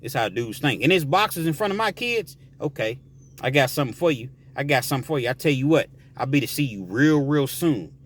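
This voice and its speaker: A man's voice: mid-range voice, brisk, slightly rough, lightly acted. Man doing a jealous, threatening inmate. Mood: angry. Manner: heated, menacing.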